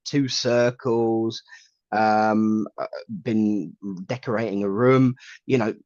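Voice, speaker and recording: A man's voice: lowish voice, fairly even intonation, takes it slowly, darkish tone, no echo. A man co-hosting a live morning chat show, joking and laughing often and sometimes slipping into a radio-DJ delivery. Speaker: co-host of a live psychic show. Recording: dull lo-fi, dry sound.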